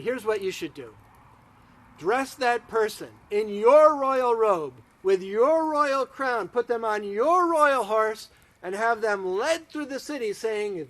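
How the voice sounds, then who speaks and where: A man's voice: very high voice, fairly bright tone, voice pushed up, exaggerated voice. A man voicing an eager, boastful male royal adviser in a told story.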